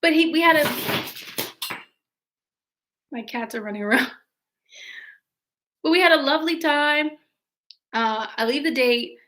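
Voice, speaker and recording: A young woman hosting a casual live stream from home, chatting with viewers and telling a dating story in an animated way. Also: fairly high pitch.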